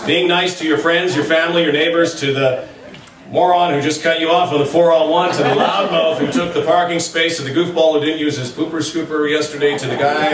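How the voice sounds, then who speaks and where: Upbeat Canadian emcee, echoey and distant. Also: male voice, on the high side. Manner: punchy, upbeat list delivery, chuckling between lines. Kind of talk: humorous ceremony speech. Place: baseball hall of fame induction ceremony. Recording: echoey PA sound from far off, loud crowd. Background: cheering crowd.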